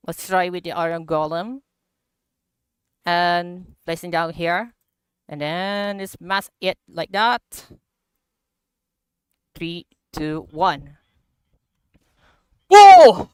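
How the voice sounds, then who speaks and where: A woman streaming a block-building game, talking through the update in slow, halting English with frequent laughter. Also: on the low side, a bit bright, clear, resonant tone, dry recording. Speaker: gaming livestreamer. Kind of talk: casual game commentary.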